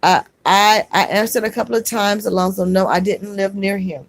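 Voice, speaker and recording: A woman hosting a casual livestream reads viewer comments aloud and answers them gently, calling people sweetheart. Her speech halts and restarts now and then. The sound is close and dry, with no room echo. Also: mid-range voice, steady tone. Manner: halting, with fillers and restarts.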